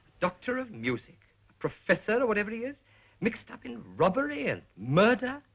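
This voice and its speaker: A skeptical police officer with a husky, lively voice. He reasons things out dryly. The old soundtrack is muffled. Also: high voice, a little fast, exaggerated voice. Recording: dull old film soundtrack.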